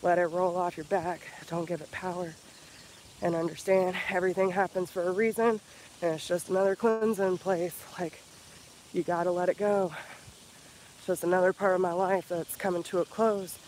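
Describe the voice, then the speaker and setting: A man giving an earnest, profane motivational talk in a casual vlog, slowing down and repeating himself for emphasis. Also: sits high, flat delivery, darkish tone, a little hiss or hum, rough recording. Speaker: spiritual healer vlogger.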